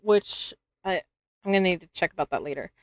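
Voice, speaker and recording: A woman's voice: fairly low pitch, expressive, brisk, no room sound. A woman in her twenties streaming and chatting casually, giggly and full of restarts, her throat dry and scratchy. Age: 20s. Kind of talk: casual live-stream chat.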